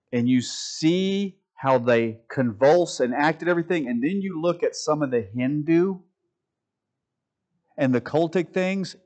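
Man, middle-aged, informal sermon talk, conversational, storytelling, somewhat high-pitched. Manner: conversational, mimics voices in quotes, animated storytelling. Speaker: Christian speaker.

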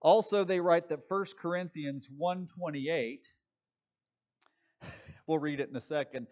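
A man's voice: on the high side, measured pace, a little mellow. A man preaching a sermon, emphatic and sarcastic in his asides. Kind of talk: sermon teaching.

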